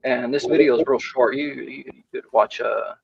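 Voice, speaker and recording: A man's voice: mid-range voice, fairly even intonation, moderate pace, vocal fry, highs cut off, slight background noise. A man co-hosting a livestream, talking in a rambling way with many fillers. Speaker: podcast co-host. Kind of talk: casual livestream chat.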